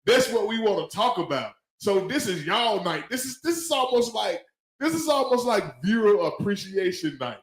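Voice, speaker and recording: Male co-host, high voice, casual slangy live-stream talk, echoey room sound. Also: very animated, normal speed. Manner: loose, slangy, repeats phrases while talking.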